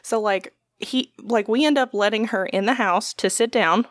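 A young woman tells a rambling story in casual conversation, swearing freely and slipping into the voices of the people she quotes. Her voice sits at an ordinary pitch and sounds dry and close to the mic. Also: moderate pace, no room sound. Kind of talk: casual podcast chat.

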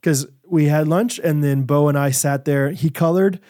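Man co-hosting a podcast, casual, animated storyteller, fairly high voice, dry close sound. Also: no room sound. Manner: animated storytelling with quick asides. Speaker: podcast co-host. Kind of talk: casual chat.

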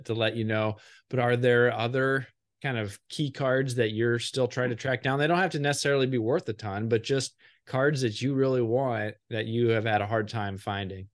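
Easygoing man hosting an interview. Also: mid-range voice. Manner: easygoing, asks follow-up questions. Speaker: interview host. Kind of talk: casual interview questions.

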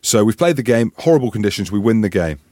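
A man in his thirties, a former rugby player co-hosting a podcast, telling stories in a casual, animated, swearing style and acting out voices. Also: fairly low pitch, fast talker, dry recording, clean studio sound. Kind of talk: casual storytelling chat.

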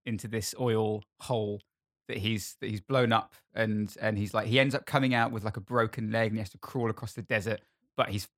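A man co-hosting a podcast, telling a story in a jokey, halting way. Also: fairly low pitch, fairly even intonation, a bit bright, dry recording, studio quality. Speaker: podcast co-host. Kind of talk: casual chat.

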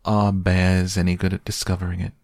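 A man voicing a simple, cheerful little bear who speaks softly and hesitantly, in a storybook reading. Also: deep voice, completely flat delivery, brisk, no room sound, clean studio sound. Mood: mild.

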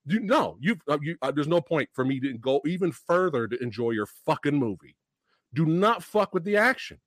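Animated, ranting male podcast host. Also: fairly high pitch, normal speed, no room sound, studio quality. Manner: profane, animated ranting with laughs. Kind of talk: heated movie review rant.

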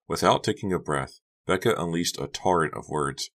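A man narrating an audiobook in a steady storytelling delivery. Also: sits low, moderate pace, few pauses.

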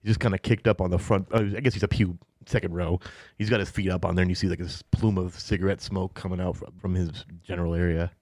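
Deep-voiced relaxed game master. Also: male voice, quick pace, hardly any pauses, dry recording, studio quality. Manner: relaxed, filler-heavy narration. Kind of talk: narrating a tabletop game.

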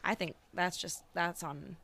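Gravelly, opinionated woman co-host. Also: fairly low pitch, steady tone, unhurried, pushed and bright. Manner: opinionated, thinks aloud with restarts. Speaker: podcast co-host. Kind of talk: casual podcast chat.

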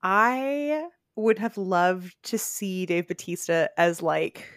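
A woman's voice: on the low side, animated, slow pace, no room sound, clean studio sound. A woman co-hosting a podcast, recapping a TV episode in casual chat, playful and laughing often as she acts out quotes. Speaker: podcast co-host.

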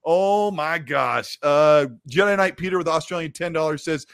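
A man's voice: a little high, moderate pace, creaky, fairly bright tone, clean tone, no echo, clean studio sound. A man hosting a live gaming show, chatting casually and reading viewer messages aloud. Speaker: host of a gaming stream show. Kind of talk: casual live-stream chat.

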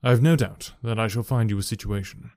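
A man voicing an older country gentleman host, hearty but guarded, in a storybook reading. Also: on the low side, steady tone, quick pace, vocal fry, dry recording, clean studio sound. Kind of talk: audiobook character voice.

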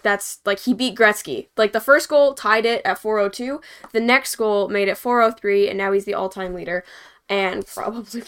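Smooth-voiced young woman rambling casually. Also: mid-range voice, fairly bright tone. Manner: rambling, filler-heavy, chuckles between points. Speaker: hockey podcast host. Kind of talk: casual post-game analysis.

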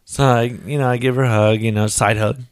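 A man co-hosting a podcast, telling a rambling story full of "you know" and "right?", and putting on high voices for the people he quotes. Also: fairly even intonation, a little fast, dry recording, studio quality. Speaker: podcast co-host. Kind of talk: casual storytelling chat.

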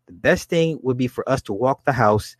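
A man reading the lines of a woman clairvoyant in a trance, in slow, measured pronouncements. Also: mid-range voice, no room sound, lightly acted. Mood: solemn.

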